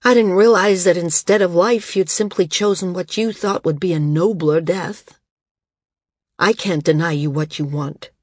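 A woman voicing a grave, weary man who speaks in a quiet, sorrowful, measured way in an audiobook. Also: fairly low pitch, breathy edge, no room sound, studio quality. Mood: hurt. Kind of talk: audiobook character reading.

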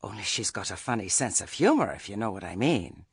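Man voicing cheerful, sly old witch woman, husky, hearty, high-pitched storybook voice. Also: big pitch swings, a little fast, no room sound, heavily acted. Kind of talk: audiobook character reading.

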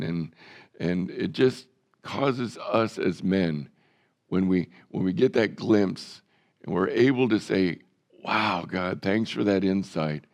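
Gravelly low-voiced male pastor preaching. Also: darkish tone. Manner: conversational, folksy storytelling; self-deprecating humor. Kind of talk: sermon.

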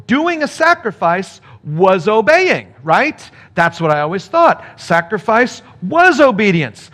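A male pastor with a voice that sits high reads scripture during a sermon. He's playful and animated, acting out the characters.

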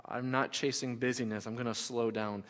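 A man's voice: mid-range voice, little pitch movement, normal speed, a bit bright. A middle-aged man, a pastor, preaching a sermon in a conversational way, repeating key phrases for emphasis. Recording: long hall reverb.

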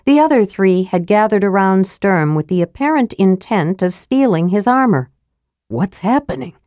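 A woman reading a fantasy story aloud as narrator, dropping her voice low for the male characters. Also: animated, normal speed, darkish tone, no echo, studio quality. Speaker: audiobook narrator.

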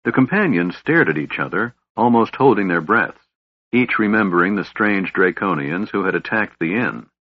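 A man's voice: low-pitched, animated, normal speed, slightly rough, dry recording, muffled recording. A man steadily narrating a fantasy audiobook with a dramatic reading.

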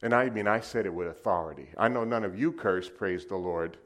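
A middle-aged man delivers a sermon in a deep, low voice. He tells a personal story, calling out loudly to the congregation one moment and dropping to a hushed tone the next. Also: fairly quick. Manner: storytelling with shifts from loud to hushed. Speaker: preacher.

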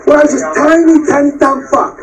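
A man's voice: extremely high pitch, steady tone, fairly quick, distant mic, over music, rough recording. A man playing a boastful seminar guru who insults the crowd in broken English, heard from a stage recording. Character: brash boastful male real-estate seminar guru. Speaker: stand-up comedian.

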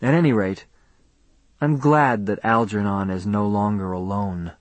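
A man reading a first-person audiobook in a measured, subdued way. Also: fairly low pitch, steady tone, dry recording. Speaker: audiobook narrator.

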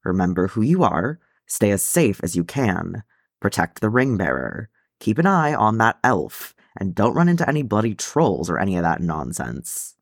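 A gruff old dwarf father, fussy and fierce, who nags his grown son, as a man reading a storybook puts him on. His low voice jumps around as he scolds. The sound is close and dry. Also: sing-song, moderate pace, no room sound. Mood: fussing.

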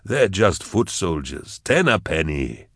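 A man's voice: low voice, big pitch swings, slow, fairly bright tone, slightly rough, dry recording, studio quality, full character voice. A man voicing a sneering, short-tempered mobster boss who snaps at his crew. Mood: contemptuous. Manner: snapping, contemptuous.

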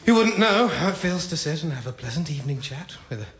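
A man playing a sly, theatrical male villain, gravelly and mock-wistful. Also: a little high, sing-song. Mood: gloating. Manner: slow, drawn-out, mock-wistful. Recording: roomy, dull sound with hiss.

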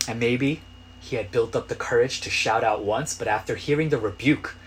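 A male pastor preaching a sermon in a conversational way, building to loud, pleading cries. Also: medium pitch, normal speed, slight background noise.

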